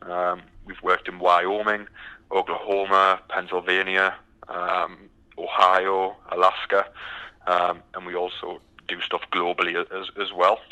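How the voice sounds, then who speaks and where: Low, bright-voiced British man. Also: measured pace, clear, resonant tone, rough recording. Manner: relaxed, many ums and restarts. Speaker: recruitment company guest. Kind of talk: casual interview answers.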